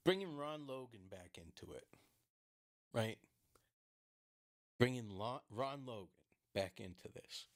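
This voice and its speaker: A man's voice: lowish voice, creaky. A man talking through a true-crime case in casual solo commentary, rambling with many fillers and restarts, laughing often and swearing bluntly.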